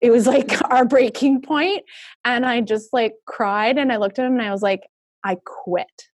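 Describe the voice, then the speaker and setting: A woman in her thirties speaks as an interview guest, retelling something personal with animated, emotional energy. Her talk is full of "like" fillers. The sound is dry and close, with no room echo. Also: on the high side, normal speed. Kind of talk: personal storytelling in conversation.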